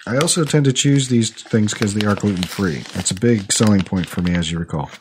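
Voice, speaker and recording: A podcast host with a lowish voice tastes snacks while chatting casually, musing and thinking out loud with fillers as he eats. He talks a little fast, and the background is noisy.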